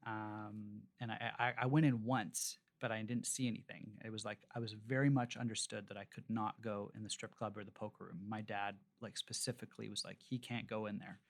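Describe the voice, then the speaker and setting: A restaurateur appears as a podcast guest, spinning long, rambling anecdotes full of fillers and restarts in a casual storytelling interview. His voice is lowish and creaky, with a level tone, a slightly quick pace and few pauses.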